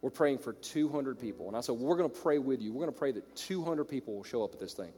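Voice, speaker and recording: A man with a Southern American accent preaching a sermon to his congregation, shifting from loud exclamations to quiet storytelling. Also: medium pitch, expressive, fast, slightly rough. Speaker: pastor. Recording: long reverb of a large hall.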